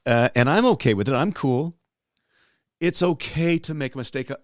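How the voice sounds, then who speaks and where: An older man, a guest entertainer, telling stories in a relaxed interview and jumping into high excited voices for the people he quotes. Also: moderate pace, no room sound, studio quality. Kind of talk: relaxed storytelling in a podcast interview.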